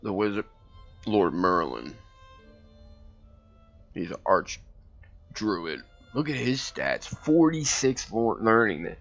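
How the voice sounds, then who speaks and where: A man's voice: on the low side, expressive, slow pace, vocal fry, long pauses, a bit bright, muffled recording, faint music behind. A man casually commenting on a strategy game as he plays, thinking aloud and reading game text, with hiccups now and then. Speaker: gameplay commentator. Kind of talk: casual let's-play commentary.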